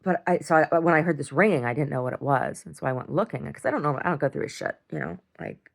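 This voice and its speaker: A woman's voice: low-pitched, fast talker, creaky. A middle-aged woman venting in a casual video diary, blunt and exasperated, swearing and repeating herself. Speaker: video diarist.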